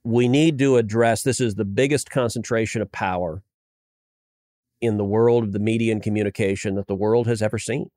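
A middle-aged man and senator, chatting casually in an interview, telling stories with lively restarts. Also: lowish voice, a little fast, no room sound, clean studio sound. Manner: storytelling, animated, frequent restarts. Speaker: senator, guest.

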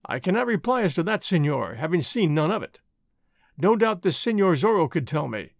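A man's voice: a little high, big pitch swings, brisk, gravelly, no echo, clean studio sound. A man reading the part of a lazy, ironic young nobleman in an audiobook, drawling and mildly mocking. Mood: languid.

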